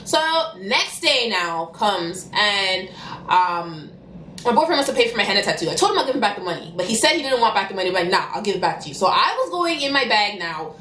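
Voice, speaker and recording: A young woman tells a storytime vlog at a fast, animated clip. Her voice is bright and swoops widely in pitch. She is recorded in an echoey room with faint noise behind. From Canada. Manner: fast-talking and animated, bursting into loud cussing. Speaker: vlogger.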